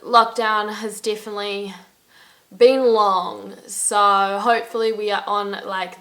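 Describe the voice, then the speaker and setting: This young travel vlogger's voice is bright, forceful and fairly high-pitched as she talks directly to camera. Cheerful and rambling, she peppers almost every sentence with "like" and laughs at her own stories.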